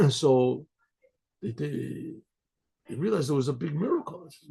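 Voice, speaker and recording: An older man, a rabbi, telling a story to listeners, often clearing his throat and acting out the voices of the people in it. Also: a little high, animated, a little slow, mellow. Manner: frequent throat clearing, acts out quoted voices. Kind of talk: storytelling talk.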